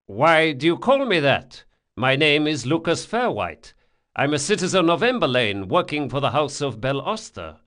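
A man's voice: fairly high pitch, sing-song, normal speed, fairly bright tone. A man voicing a frightened young thief who bluffs in a raised, urgent voice. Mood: desperate bluff. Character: cornered male thief, frightened but bluffing.

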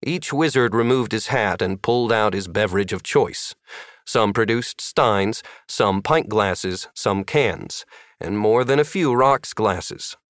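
A man narrating an audiobook in a lively, expressive reading. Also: fairly low pitch, slow, no room sound, clean studio sound.

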